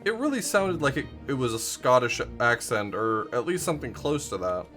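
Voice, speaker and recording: A man's voice: mid-range voice, very animated, normal speed, fairly bright tone, faint music behind. A man streaming a game, thinking aloud and making self-deprecating asides in casual commentary. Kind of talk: casual live gameplay commentary.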